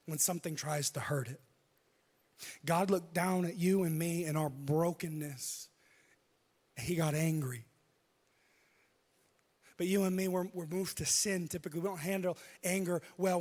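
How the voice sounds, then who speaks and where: A man preaching a sermon, telling a personal story with lively delivery and acting out what people said. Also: high voice. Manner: animated, acts out quoted speech. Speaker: pastor. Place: church auditorium. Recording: long hall reverb.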